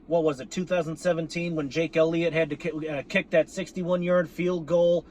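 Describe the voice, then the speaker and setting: A man's voice: on the high side, little pitch movement, normal speed, a little mellow, slight background noise. A man venting in a profane, exasperated monologue about his team, sarcastic and repeating himself for emphasis. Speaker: sports fan vlogger.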